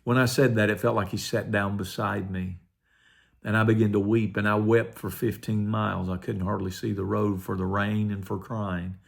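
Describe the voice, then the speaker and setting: Older male pastor, gravelly, earnest testimony. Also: lowish voice, level tone, normal speed. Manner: earnest, quietly emotional storytelling. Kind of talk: personal testimony.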